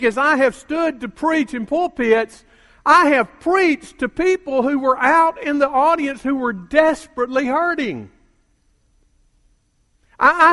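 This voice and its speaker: An older man preaching a sermon as a pastor, calling out to the congregation and building to emphatic shouts. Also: extremely high pitch. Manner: call-and-response preaching, rising to emphatic shouts. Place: church sanctuary. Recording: long reverb of a church hall.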